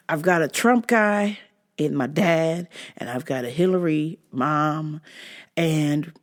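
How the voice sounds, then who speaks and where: Animated, swearing woman vlog host. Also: deep voice. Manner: animated, laughing, heavy swearing. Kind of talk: casual comedic monologue.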